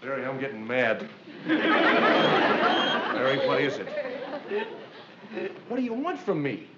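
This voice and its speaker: A flustered sitcom husband. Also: male voice, mid-range voice, wildly swooping pitch, fast, over a noisy crowd, very noisy. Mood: exasperated. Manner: coaxing, comic pleading with a dog. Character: flustered good-natured young husband. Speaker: comedy writer husband in a sitcom. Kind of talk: 1960s sitcom acting. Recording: dull 1960s TV soundtrack with roomy echo and laugh track. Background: studio audience laughter.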